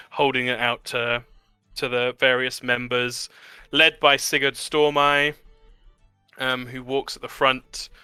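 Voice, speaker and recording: Bright, clear-voiced game master. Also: male voice, mid-range voice, no room sound. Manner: relaxed, chatty narration with frequent fillers. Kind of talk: narrating a tabletop game.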